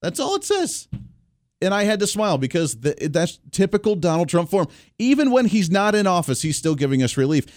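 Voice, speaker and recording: A man's voice: sits high, animated, a little fast, no echo, studio quality. A man hosting a radio talk show, giving political commentary in a chatty, wry way. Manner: chatty, wry, frequent restarts.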